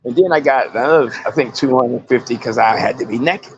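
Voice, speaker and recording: A man and actor, a guest in an interview, telling animated stories and acting out the voices of people he quotes. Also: medium pitch, fairly quick, breathy edge, highs cut off. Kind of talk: casual interview storytelling.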